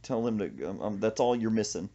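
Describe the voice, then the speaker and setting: A man's voice: on the low side, fairly quick, mellow, highs cut off. Man telling comic stories. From Central Texas. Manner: storytelling with laughs and quoted voices. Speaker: podcast host. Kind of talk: comic casual chat.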